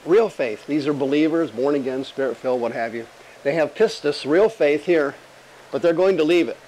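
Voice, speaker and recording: A fairly high-voiced man teaches from scripture in a conversational sermon, firing rhetorical questions. He slows down to lean on key words. A faint hiss of noise sits under his voice. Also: darkish tone, rough recording. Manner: conversational, rhetorical questions, emphatic slow stresses. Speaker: preacher.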